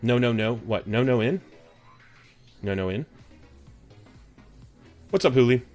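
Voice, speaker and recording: His voice is medium in pitch, a little slow and a little mellow, with lively intonation and a Texan accent. Hosting a live stream with music behind him, he rambles, cracks jokes and talks to chat members by name.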